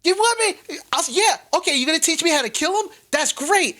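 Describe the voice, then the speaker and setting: A woman voicing a hotheaded, foul-mouthed halfling boy who shouts and swears in a tabletop game. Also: extremely high pitch, animated, fairly quick, pitched above the performer's own voice. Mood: furious.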